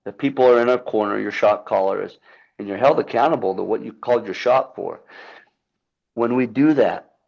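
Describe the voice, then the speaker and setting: A man's voice: on the low side, normal speed, creaky, darkish tone, dull audio. A man being interviewed as a guest, talking earnestly and emphatically about a film he made and about holding yourself accountable. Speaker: podcast guest, filmmaker. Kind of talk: earnest motivational talk.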